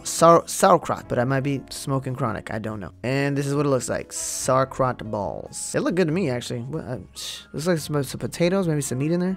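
A man's voice: mid-range voice, fairly bright tone. A man doing casual reaction commentary as a video host, loose and joking, reading items aloud and then riffing on them.

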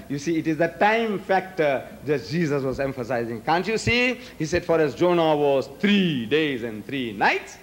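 An older man with a South African accent giving a public debate speech, asking rhetorical questions and acting out both sides of an argument. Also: on the high side.

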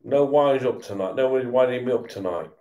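Here the speaker is a man in a mid-range, warm voice, talking briskly as he rants about the football he's watching. Tipsy from beer, he curses, repeats things and stammers back to the start of his lines. The sound is roomy and the audio dull.

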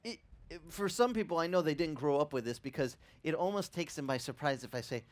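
Lively higher-voiced male pastor preaching. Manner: animated storytelling, acting out quoted voices; halting, with frequent restarts. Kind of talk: sermon.

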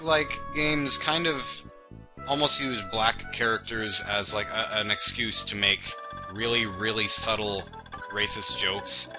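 A young man hosting a let's play, rambling through casual gameplay commentary with offbeat, self-mocking humor, over game music. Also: lowish voice.

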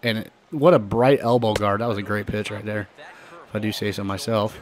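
A hoarse man giving casual, excitable commentary while playing a baseball video game, often swearing and shouting at the players. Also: lowish voice, brisk, a crowd in the background. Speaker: gaming channel host.

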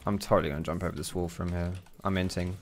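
Low-voiced man chatting through gameplay. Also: steady tone, fast talker, slight background noise. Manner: chatty, swears and chuckles often. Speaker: gaming video creator. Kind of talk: casual gameplay commentary.

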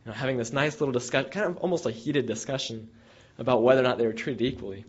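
A man's voice: medium pitch, quick pace. Young man telling a field story. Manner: rambling, with many restarts and fillers, animated when retelling dialogue. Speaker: former field researcher advising students. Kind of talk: casual anecdotal talk. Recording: dull lo-fi recording.

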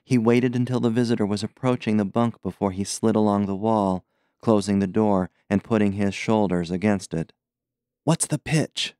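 A man reading an adventure novel aloud in a measured, steady narration. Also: on the low side, clean tone, no echo, studio quality. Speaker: audiobook narrator. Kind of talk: scripted narration.

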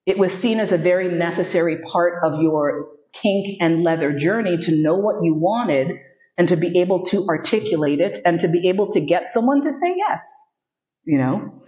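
A woman's voice: fairly low pitch, lively intonation, moderate pace, warm tone. A woman in her fifties from New York City, telling candid, humorous stories as a sexuality educator and acting out the voices she quotes. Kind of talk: storytelling lecture. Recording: muffled roomy recording.

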